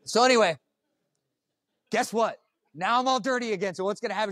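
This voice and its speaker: Fast-talking, profane man telling a story. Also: high voice, no room sound. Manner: raw, profane, animated storytelling. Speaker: firefighter speaking at a summit. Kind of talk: storytelling talk to a live audience. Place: conference room.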